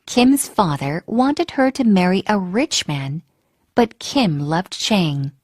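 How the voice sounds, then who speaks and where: A woman reading a children's storybook aloud in a slow, expressive way, acting out the characters. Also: fairly low pitch, no echo, studio quality.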